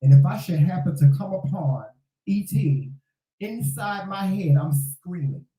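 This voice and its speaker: A co-host in a casual chat, talking loudly and emphatically and swearing freely. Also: medium pitch, animated, measured pace. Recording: echoey room.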